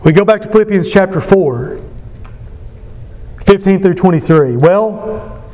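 A man's voice: high-pitched, lively intonation, a little slow, a little mellow, in a large hall. A man preaching a sermon as pastor, emphatic, repeating key phrases and leading the congregation in call-and-response.

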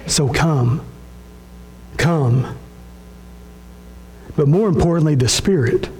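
A pastor preaching a sermon with impassioned, repetitive phrasing that swings between soft low lines and raised high ones. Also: male voice, low-quality recording. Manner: impassioned, repetitive preaching with sudden drops and rises in pitch.

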